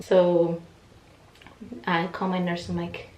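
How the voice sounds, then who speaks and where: A young woman telling a personal story in a casual, animated way, acting out what people said. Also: on the low side, normal speed, slight background noise. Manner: chatty, animated retelling with quoted voices. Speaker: vlogger. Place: room at home, in pajamas. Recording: echoey room, mic set back.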